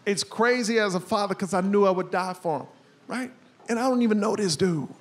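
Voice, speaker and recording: A middle-aged man doing a stand-up comedy set, animated, acting out family scenes and breaking into shouts. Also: sits high, brisk. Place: comedy club stage with live audience. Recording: live room with steady ambience noise.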